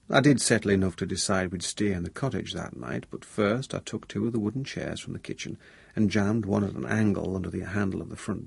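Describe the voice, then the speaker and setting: A man narrating a thriller audiobook in first person, measured and low-key with a tense undertone. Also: gravelly, darkish tone, breathy edge, no room sound.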